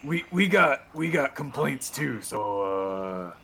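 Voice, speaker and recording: Gravelly, lively male player. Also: mid-range voice, slow, a little hiss or hum. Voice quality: gravelly put-on character voice. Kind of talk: in-character tabletop play.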